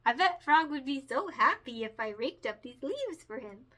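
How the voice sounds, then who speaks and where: A woman's voice: high voice, very animated, moderate pace, bright, forceful tone, heavily acted. A woman voicing a self-conscious male toad from a storybook, who sounds fretful and plaintive. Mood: tender.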